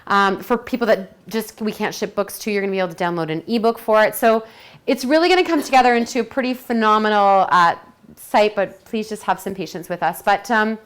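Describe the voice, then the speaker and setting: A woman's voice: mid-range voice, brisk, clean tone. A woman presenting a detox program to a group, talking chattily and enthusiastically and acting out her own quotes.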